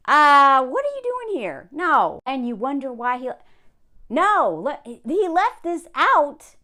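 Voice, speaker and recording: A woman's voice: high voice, huge pitch swings, takes it slowly, bright, forceful tone. A woman vlogger reads an advice column aloud and reacts in an exasperated, sarcastic way, talking straight to the writer. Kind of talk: casual commentary reading aloud.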